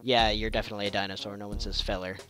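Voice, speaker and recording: A man's voice: lowish voice, flat delivery, very fast, a bit bright, clear, resonant tone, faint music behind. A man hosting a let's play, commenting on the game in a rambling, self-deprecating way. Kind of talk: gameplay commentary.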